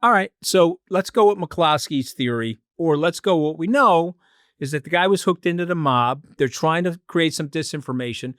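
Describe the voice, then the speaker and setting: A man making his case as a podcast guest, emphatic and animated, with rapid bursts of argument. His voice sits a little high for a man. He is recorded close on a dry studio microphone. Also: dry recording. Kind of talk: casual podcast discussion.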